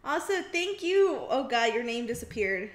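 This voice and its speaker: A woman's voice: a little high, big pitch swings, normal speed, reverberant. A woman co-hosting a casual art livestream, chatting and reading viewer comments aloud with frequent giggles. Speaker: stream co-host reading chat.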